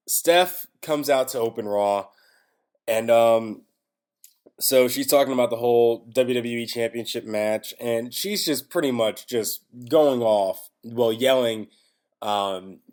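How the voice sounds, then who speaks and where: A man giving a casual solo recap of a wrestling show, rambling with restarts and self-corrections, wry and exasperated, with casual swearing. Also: on the low side.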